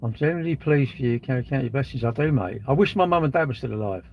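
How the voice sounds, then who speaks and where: Husky man rambling on a live stream. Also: medium pitch, animated, quick pace, lo-fi sound. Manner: rambling, blunt banter with swearing, answers chat comments. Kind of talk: casual live-stream chat.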